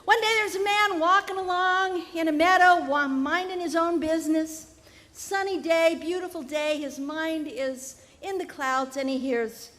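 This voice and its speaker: Animated woman storyteller in a tent. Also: extremely high pitch, unhurried. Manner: animated, conversational, playful. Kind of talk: live storytelling for families. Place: festival tent. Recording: live tent with long reverb.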